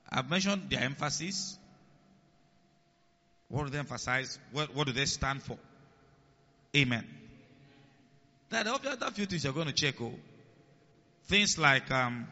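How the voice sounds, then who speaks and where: Bright, piercing pastor preaching in a hall. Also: male voice, on the high side. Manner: keeps checking in with the congregation, repeats key lines; swings between loud emphasis and quiet asides. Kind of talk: sermon. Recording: long hall reverb, dull lo-fi sound.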